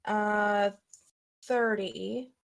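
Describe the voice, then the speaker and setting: A soft-spoken woman takes her turn in a tabletop game, speaking slowly and a little hesitantly. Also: mid-range voice, steady tone, creaky. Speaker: player. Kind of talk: casual tabletop chat.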